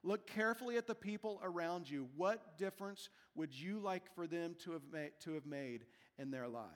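High-voiced pastor preaching in a hall. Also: male voice. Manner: earnest, emphatic preaching with rhetorical questions. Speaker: senior pastor. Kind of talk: sermon. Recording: long hall reverb.

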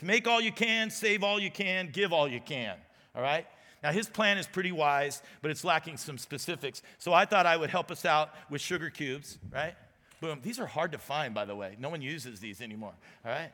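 A high, bright-toned man in his forties preaches a casual, joking sermon as executive pastor. He talks like he is chatting with the room, often tossing in a quick "right?". His voice rings out with the long reverb of a big church hall. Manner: chatty, self-deprecating, keeps checking in with "right?". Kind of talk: conversational sermon. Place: church auditorium.

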